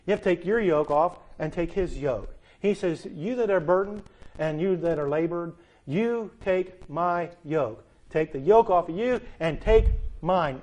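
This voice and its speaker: A man preaching a sermon to his congregation, earnest, swinging between hushed appeals and emphatic commands. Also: high voice.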